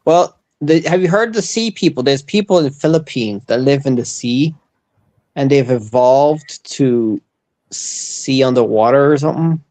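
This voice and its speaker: A man's voice: medium pitch, lively intonation, a little slow, a little mellow. A man from England chatting on a stream, curious and hesitant, apologizing easily. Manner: curious, hesitant, says um and yeah. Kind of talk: casual chat.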